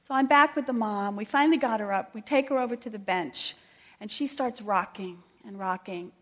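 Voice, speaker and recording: A woman's voice: a little high, slightly rough. Earnest woman preaching in a reverberant church. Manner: earnest, quiet, intimate. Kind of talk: sermon storytelling.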